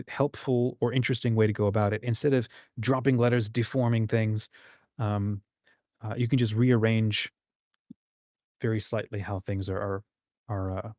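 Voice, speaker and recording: A man's voice: lowish voice, little pitch movement, normal speed, a little mellow, no room sound, clean studio sound. A man hosting a casual livestream about writing, reading out viewer comments and musing aloud with frequent ums and restarts. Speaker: host.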